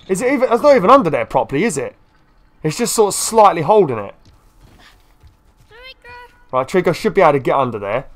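A man commentating his own gameplay in a lively, swinging voice that sits a little high. He scolds and coaxes the creature on screen and gets more and more exasperated, with a lot of swearing. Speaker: gaming YouTuber. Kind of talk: let's play commentary.

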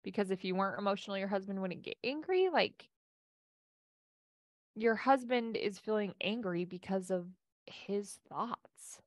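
A woman's voice: mid-range voice, animated, unhurried, no room sound, clean studio sound. A woman life coach giving a casual coaching talk and answering audience questions, with a chatty delivery full of restarts.

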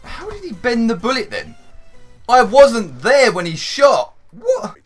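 A man commentating his own gameplay for a video, excitable and rambling, swearing now and then and breaking into sudden shouts. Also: extremely high pitch, measured pace, faint music behind. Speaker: gaming YouTuber.

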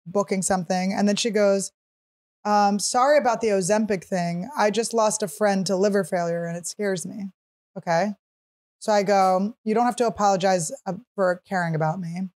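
A woman in her thirties hosting a podcast, telling a comic story in a casual, animated way and acting out what other people said. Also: mid-range voice. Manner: animated, acts out others' quotes, shrieks while teasing. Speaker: podcast host.

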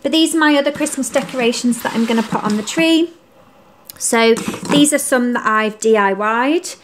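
Background noise runs under this upbeat vlog, where a young lifestyle vlogger talks about her home and Christmas tree at a normal speed in a fairly high voice. She says um often. Her camera mic picks up the roomy acoustics of her living room.

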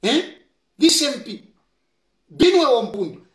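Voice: medium pitch, sing-song, slow. A political commentator with a Zambian accent, delivering impassioned, scolding commentary and repeating key lines for emphasis. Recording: roomy echo.

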